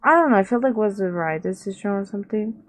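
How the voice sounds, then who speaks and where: A woman's voice: mid-range voice, lively intonation, quick pace. A young woman with a Latin American accent, telling a rambling storytime in casual chat, repeating herself and acting out the people she quotes. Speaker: vlogger.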